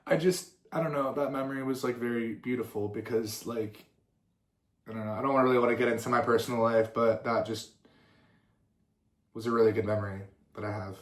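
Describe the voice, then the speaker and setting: A man's voice: medium pitch, steady tone, fairly quick. A young man, a musician and content creator, answering fan questions in a casual chat, rambling with plenty of swearing and tangents. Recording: roomy echo.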